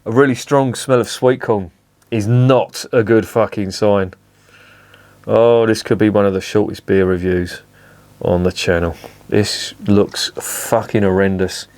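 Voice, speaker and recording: A man's voice: lowish voice, fairly even intonation, measured pace, a little mellow. A man reviewing a beer on camera, swearing often and grumbling sarcastically. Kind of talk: casual beer review vlog.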